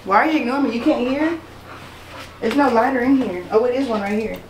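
A young woman with a fairly high voice filming a casual prank vlog. She keeps pestering, repeating the same questions over and over. The sound is from an echoey room with faint noise behind. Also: brisk. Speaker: vlogger.

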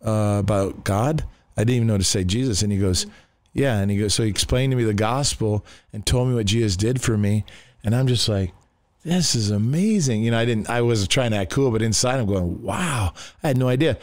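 A man's voice: fairly low pitch, fast talker, dry recording. A middle-aged man from the United States, a pastor telling his life story in a casual podcast talk, rambling with restarts and acting out quoted voices. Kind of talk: casual testimony in a podcast conversation.

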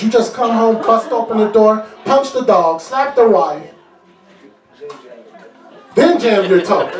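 A high-pitched man preaches deliverance with lively energy and humorous asides. His voice rings through a reverberant church hall, picked up from a distance with faint music underneath. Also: measured pace, pauses often, a crowd in the background. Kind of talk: deliverance sermon. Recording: echoey room, mic far off, faint music.

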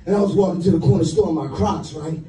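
A man's voice: a little high, steady tone, fast, far from the mic, heavy background noise. A man in his fifties from the US East Coast, a stand-up comedian telling loose, profane stories with a laugh in his voice. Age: 50s. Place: live comedy club with audience. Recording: roomy live stage mic, crowd.

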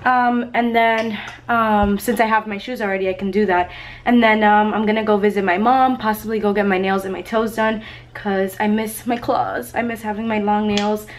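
A woman's voice: medium pitch, fairly even intonation, a little fast, a little hiss or hum. A young adult woman vlogging in a casual, rambling chat, full of ums and likes.

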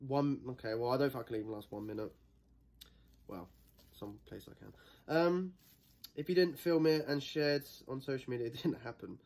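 A man's voice: mid-range voice, normal speed, a little mellow. A young man vlogging casually, nervous and rambling, with plenty of swearing, recorded outdoors in the sun. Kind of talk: casual vlog chatter.

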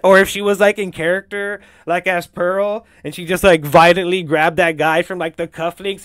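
A young male podcast host riffing on film news, profane and rambling, breaking into laughs. His voice sits a touch high. The recording is close and dry. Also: steady tone, normal speed, few pauses, fairly bright tone, no room sound. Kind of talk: casual entertainment-news commentary.

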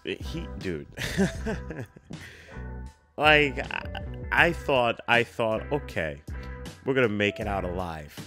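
Excitable young man reacting to a film. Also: lowish voice. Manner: excitable, loud outbursts, laughs often. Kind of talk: casual reaction commentary.

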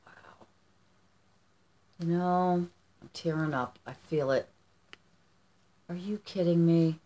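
A middle-aged American woman vlogger chats casually and warmly with her viewers while opening fan mail, speaking slowly in a voice a little low for a woman. She's effusive and gushing, rambling and frequently restarting her sentences.

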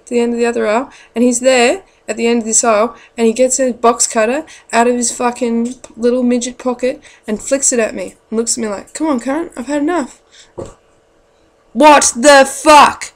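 A woman telling a rambling, profane story to camera in a blunt, casual way. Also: on the high side. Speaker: parent.

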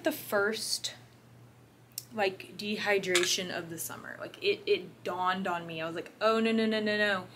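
A woman's voice: mid-range voice, fairly bright tone. A young woman in her twenties talking casually to the camera at home, rambling and laughing often. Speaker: vlogger. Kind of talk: casual vlog chat. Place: home, indoors. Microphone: phone or camera held close. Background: air conditioner hum.

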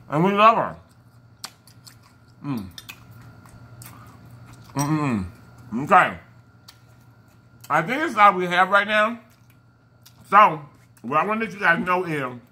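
A man hosting an eating vlog, casually and affectionately giving shout-outs to his fans and stumbling over names as he corrects himself. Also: on the high side. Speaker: mukbang channel host. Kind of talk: casual chat to viewers while eating.

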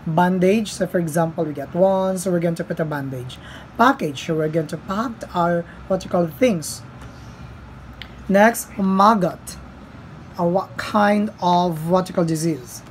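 A woman teaching a phonics lesson to children, sounding out words slowly one by one. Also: on the low side, slight background noise, rough recording. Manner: slow, deliberate word-by-word drilling.

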